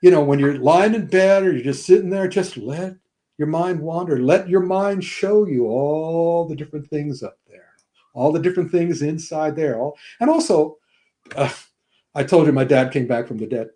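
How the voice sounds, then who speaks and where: Older male regular guest, chatty film storyteller, voice a bit on the high side. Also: moderate pace. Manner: animated storyteller, acts out quotes in different voices. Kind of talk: casual podcast chat.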